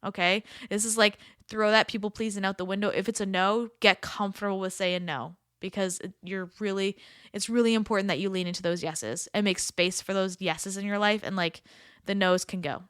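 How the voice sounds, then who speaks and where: A woman's voice: mid-range voice, fairly even intonation, brisk, fairly bright tone, clear, resonant tone, no room sound, clean studio sound. A woman hosting a podcast, giving casual coaching advice in a chatty, upbeat way with lots of filler words. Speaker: podcast host.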